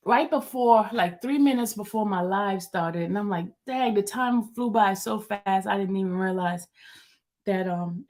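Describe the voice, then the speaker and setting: Chatty woman live-streamer, lots of fillers. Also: medium pitch. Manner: chatty, apologetic, many fillers. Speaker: YouTube live streamer covering a court case. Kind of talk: casual live-stream chat.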